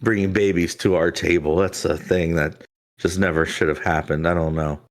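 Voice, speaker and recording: A man voicing a gentle, wry male deity in a tabletop game, soft-spoken and given to flustered jokes. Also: low voice, steady tone, moderate pace.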